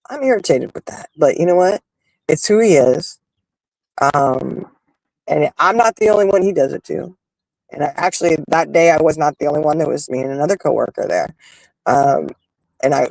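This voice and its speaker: A man hosting a talk show speaks candidly in a somewhat high voice with a gravelly edge. He rambles and restarts as he thinks aloud, turning emphatic and blunt. The sound is dry and close. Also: darkish tone, dry recording, rough recording. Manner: rambling, emphatic, frank with occasional swearing. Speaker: host. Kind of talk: candid monologue on personal growth.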